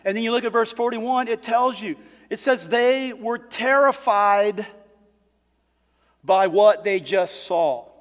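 A man delivering a sermon as pastor, moving between quiet reflective passages and loud, emphatic preaching. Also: sits high, slow pace. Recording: dull sound with long hall reverb.

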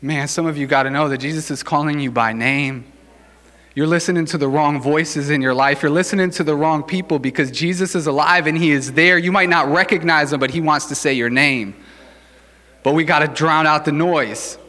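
Male pastor, relaxed joking sermon delivery, forceful tone, long hall reverb. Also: fairly high pitch, moderate pace. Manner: casual, joking, conversational preaching.

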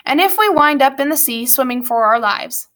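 A woman's voice: high voice, expressive, moderate pace, fairly bright tone. A woman voicing a gloomy, plump orphan boy who states grim facts matter-of-factly.

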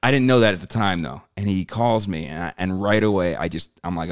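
Man, low voice, dry close mic, comedian guest, casual storytelling, swears, acts out quotes. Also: a little fast, few pauses, no echo. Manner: animated, swears freely, acts out quoted dialogue.

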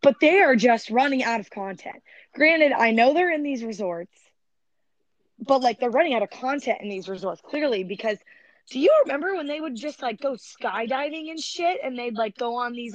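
A young woman in her twenties, a podcast guest chatting in an animated, blunt, cringing way. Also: a little high, moderate pace, no room sound. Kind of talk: casual chat. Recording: dry, dull lo-fi sound.

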